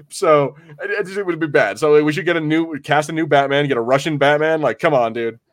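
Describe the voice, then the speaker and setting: A man's voice: on the high side, brisk, no room sound. A man co-hosting a podcast in casual chat, rambling and often correcting himself mid-sentence. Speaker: podcast co-host.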